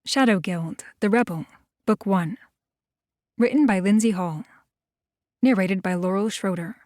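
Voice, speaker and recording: A woman's voice: mid-range voice, a little slow, darkish tone, no echo. A woman narrating a first-person paranormal audiobook in a wry, dry storytelling manner, recorded on a close studio mic.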